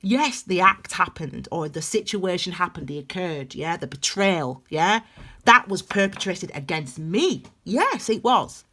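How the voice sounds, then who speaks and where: A woman giving a passionate, blunt tarot reading that swings between loud emphasis and hushed intensity. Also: on the low side, expressive, a little slow. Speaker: tarot reader. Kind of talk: intuitive tarot reading, spiritual pep talk.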